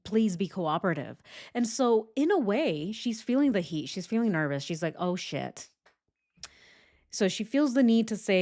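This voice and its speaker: A woman with a somewhat low voice reads interview transcripts aloud and breaks in with her own commentary. She is animated and sarcastic and swears freely as she picks the statements apart. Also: normal speed. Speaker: true crime commentator.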